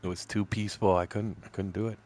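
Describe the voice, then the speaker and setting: Older canadian man, sixties, lowish voice, rambling, swears a lot, laughs between stories. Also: flat delivery, quick pace, darkish tone. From southern Ontario, Canada. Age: 60s. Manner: profane, rambling, laughs often. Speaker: gaming streamer. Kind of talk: casual storytelling while gaming.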